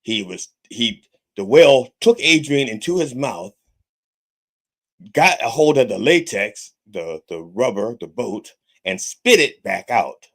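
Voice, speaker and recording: A man hosts a podcast as a mock reverend, cursing freely through a comedic monologue. His pitch rises and falls with animation, and he keeps checking in with the listener by asking okay. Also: sing-song, slow. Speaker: podcast host styled as a reverend.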